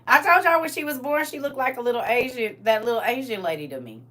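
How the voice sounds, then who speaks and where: Sassy, bright-voiced woman on a livestream. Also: a little high, a little fast. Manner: sassy, animated, talks straight to viewers. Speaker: livestream host and grandmother. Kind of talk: casual livestream chat. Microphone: phone.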